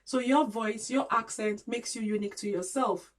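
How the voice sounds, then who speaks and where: Earnest woman vlogger, slightly high voice. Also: normal speed, poor audio. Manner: earnest, encouraging, with frequent fillers. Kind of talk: casual talk to camera.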